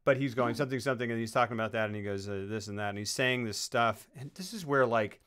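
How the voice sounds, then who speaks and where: A man's voice: medium pitch, fast talker, a bit bright, smooth. A man on a casual film podcast, rambling as he retells movie scenes. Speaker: podcast co-host.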